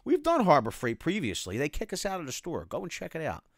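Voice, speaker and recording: A man hosting a casual construction livestream, reading viewer comments and names aloud with lively shout-outs. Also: fairly high pitch, fast talker, dry recording, studio quality. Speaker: livestream host.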